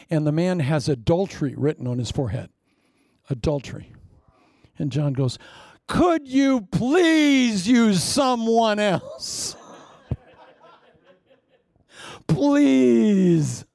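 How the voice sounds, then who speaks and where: Older man, pastor, storytelling sermon, self-deprecating humor, gravelly edge, dry close sound. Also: fairly high pitch, moderate pace, mellow, dry recording. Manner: jokey, self-mocking, acts out quotes.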